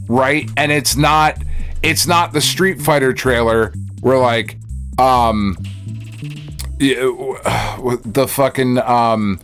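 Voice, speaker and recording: A man's voice: fairly high pitch, a bit bright. A man co-hosting a podcast in casual chat, ranting and swearing with sarcastic asides. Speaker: podcast co-host.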